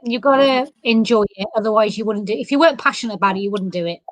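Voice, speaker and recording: A woman's voice: medium pitch, racing, dry recording. A woman hosting a chat show, talking casually and reading out viewer comments. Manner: friendly, reads out viewer comments. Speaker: host.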